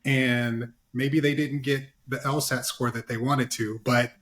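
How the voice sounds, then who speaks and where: A man's voice: mid-range voice, little pitch movement, a little slow, a bit bright. A man speaking as a panelist in a casual discussion, giving earnest advice with lots of fillers and "right?" tag questions, over a video call.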